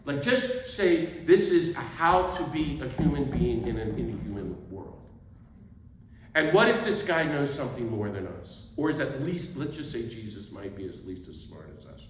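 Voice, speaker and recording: Exuberant priest in an echoey hall. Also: male voice, mid-range voice, sing-song, recorded from a distance. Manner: exuberant, quick asides, laughs at himself. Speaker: priest giving a book talk. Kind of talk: animated public talk. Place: event hall. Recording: echoey room with faint background noise.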